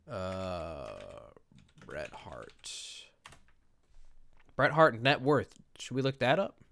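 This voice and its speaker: A chatty man rambling through casual gameplay commentary, poking fun at himself as he goes. His pitch bounces up and down a lot as he talks. The sound is dry and close, with no room echo. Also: fairly bright tone. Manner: rambling, chatty, self-mocking. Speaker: gaming video creator.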